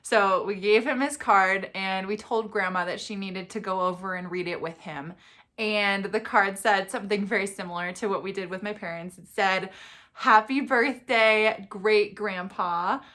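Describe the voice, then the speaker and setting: A woman's voice: mid-range voice, steady tone, normal speed, a bit bright. Young adult woman, vlogger, casual storytelling, chatty filler-heavy delivery. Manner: chatty, peppered with "like" and "you know".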